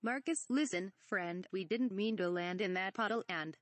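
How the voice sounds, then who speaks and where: Brief: woman playing an annoyed young pilot, short-tempered, mid pitch, dry read. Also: normal speed, no echo, close to an everyday voice. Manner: exasperated, snappish. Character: irritable young male pilot.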